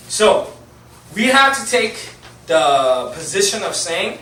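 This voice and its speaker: A man's voice: high voice, very animated, drawn-out words, long pauses, pushed and bright, slight background noise. A young man preaching a sermon in a church hall, telling a story with laughter and lots of fillers. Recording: echoey hall, mic at a distance.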